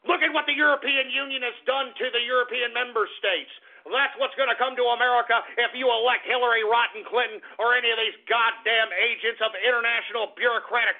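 A man hosting a talk radio show, ranting profanely with shouting outbursts and grumbling asides. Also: extremely high pitch, creaky. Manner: profane, shouting angry rants that drop to grumbling. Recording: tinny phone-like radio audio.

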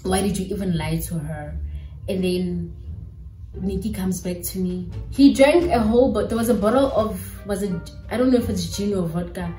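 A young South African woman with a South African accent, telling a personal story in a chatty, animated way. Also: medium pitch, normal speed. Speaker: YouTuber. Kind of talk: storytime vlog. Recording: echoey room with faint music.

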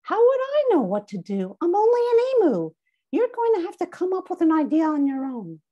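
A woman voicing a small stuffed baby emu toy in a squeaky, high-pitched voice, blunt and matter-of-fact. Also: wildly swooping pitch, brisk, warm tone, muffled recording, full character voice. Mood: squeaky deadpan. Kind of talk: reading a memoir aloud.

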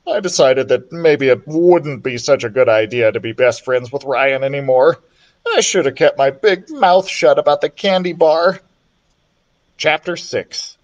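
A man reading a children's chapter book aloud, with an expressive, animated storytelling manner. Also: on the high side. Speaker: children's librarian reader.

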